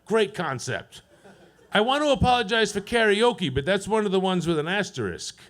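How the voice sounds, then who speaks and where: A man works an open mic stage with a profane, deadpan stand-up set, ribbing people in the crowd. His voice sits high for a man. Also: normal speed. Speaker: stand-up comedian. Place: comedy club stage.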